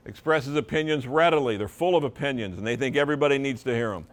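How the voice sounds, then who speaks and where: A man's voice: fairly high pitch, quick pace, few pauses. A man giving a live seminar presentation to real estate agents, talking in an emphatic, conversational way and leaning on his intonation to drive points home.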